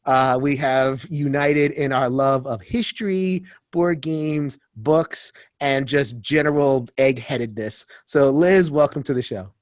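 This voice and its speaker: A man's voice: mid-range voice, unhurried, few pauses, no echo, studio quality. A man hosting a casual book chat on a video call, upbeat and chatty, with frequent fillers. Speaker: host.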